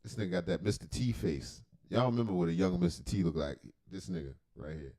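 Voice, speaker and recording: A man's voice: low voice, animated, a little fast, gravelly, warm tone. A man hosting a livestream reaction, talking in a rambling, profane, joking way with lots of asides. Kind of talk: casual reaction commentary.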